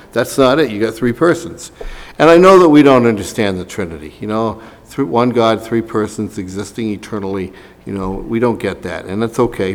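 Man preaching in a reverberant hall. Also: on the low side. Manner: conversational preaching with asides. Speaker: pastor. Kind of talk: sermon.

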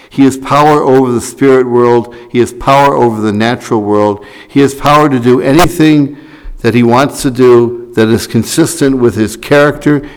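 A man's voice: medium pitch, smooth, low-quality recording. A man preaching a sermon, reading scripture and then explaining it in a loose, conversational way with asides and restarts.

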